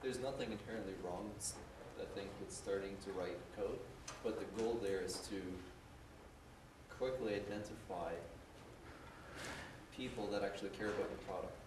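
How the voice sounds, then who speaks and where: Low-voiced man, heard from far off. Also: normal speed, background noise. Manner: thoughtful, repeats himself, tag questions. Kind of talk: conference discussion. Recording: roomy hall mic from far off.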